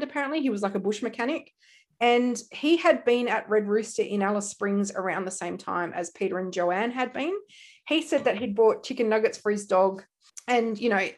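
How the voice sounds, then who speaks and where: An animated Australian woman with a medium-pitched voice co-hosts a casual true-crime podcast and tells a crime story. She laughs often and slips into voices when quoting people.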